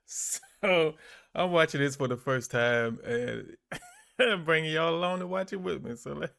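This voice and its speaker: A man's voice: on the high side, measured pace, gravelly, fairly bright tone. A man doing casual reaction commentary on a livestream clip, amused and laughing often.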